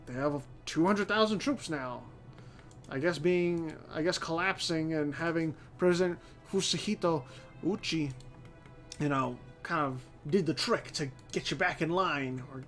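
A man with a fairly high voice hosts a relaxed let's-play of a strategy game. He thinks out loud, swears often and trips over his own sentences. Soft music plays quietly underneath. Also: moderate pace. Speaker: host of a strategy game channel. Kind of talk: casual let's-play commentary. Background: faint background music.

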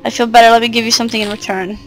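A woman's voice: a little high, fairly even intonation, racing, soft background music, natural voice, poor audio. Woman reading as a sad talking tree. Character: sad talking tree haunted by a dark creature. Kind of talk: reading game dialogue aloud.

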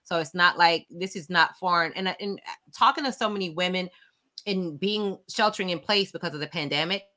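Bright-voiced woman, expressive storyteller. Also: on the low side, brisk. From outside the United States. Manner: expressive, acts out voices of others while telling stories. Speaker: author and college professor, guest. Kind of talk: animated interview conversation. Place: home, video call.

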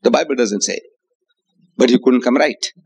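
A man's voice: medium pitch, moderate pace, darkish tone. Emphatic male lecturer in a reverberant hall. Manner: emphatic, rhetorical, quotes scripture in Arabic and English. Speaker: religious lecturer. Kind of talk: public religious debate lecture.

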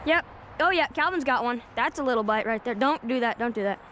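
Woman, high voice, excitable fishing vlog chatter, lakeshore outdoors, faint background noise. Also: quick pace. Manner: excitable, keeps addressing viewers as guys. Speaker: fishing vlogger.

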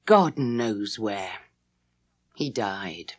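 A woman voicing an anxious older housekeeper who speaks in hushed, halting questions. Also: very deep voice, lively intonation, voice pushed down, full character voice. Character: anxious older female housekeeper, plain and fearful.

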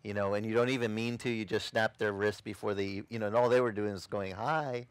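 A man's voice: lowish voice, level tone, fast, smooth, no echo. A man preaching, a pastor telling a testimony in a dramatic, storytelling way and acting out the scenes he describes. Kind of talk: testimony sermon. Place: outdoor beach service.

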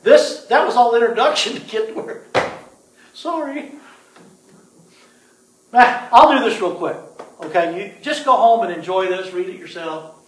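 A man with a notably high voice preaches in a lively, bantering way, coaxing the congregation to call out answers. He is picked up from a distance, and the room rings with echo. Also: measured pace, long pauses, a little hiss or hum. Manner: lively, prompts the congregation to answer, joking asides. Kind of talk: sermon with call-and-response.

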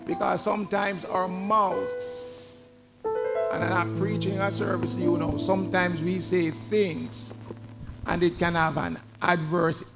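A man shares stories in a church eulogy, chatty and animated. His voice sits a little high with a gravelly creak, and music plays faintly behind him. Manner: conversational, animated in the anecdotes. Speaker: tribute speaker at a funeral. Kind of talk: storytelling eulogy.

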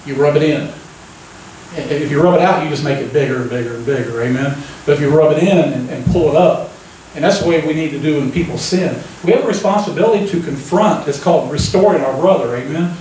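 A man preaching a conversational sermon, folksy and relaxed, often turning to the congregation with a quick "amen?". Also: fairly high pitch, slight background noise. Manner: folksy, keeps asking the crowd "amen?". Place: church sanctuary. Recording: echoey church room, mic at a distance.

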